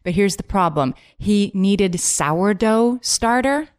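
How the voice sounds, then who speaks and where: A woman co-hosting a podcast, talking quickly and casually with lots of filler words. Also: mid-range voice, expressive, smooth. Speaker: podcast co-host.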